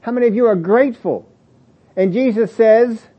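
A man's voice: high voice, moderate pace. A man preaching a sermon in a plain-spoken way, acting out the excuses people make in different voices. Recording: dull lo-fi audio recording.

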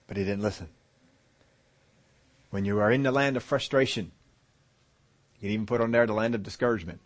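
A male pastor preaching a sermon, telling a story quietly and then building to loud, emphatic preaching. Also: lowish voice.

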